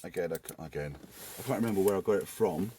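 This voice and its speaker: Male DIY vlogger, lowish voice, casual rambling workshop chat, goofy asides. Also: fast, mellow, slight background noise. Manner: rambling and jokey, talking to himself as he works. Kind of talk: casual workshop chat while fitting a stereo.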